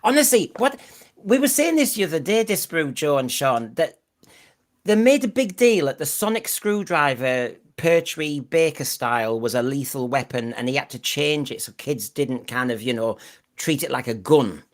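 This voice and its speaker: Rambling man host, lively pitch. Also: moderate pace. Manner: rambling, repeats words, mocking impressions. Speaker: podcast host. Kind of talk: casual chat.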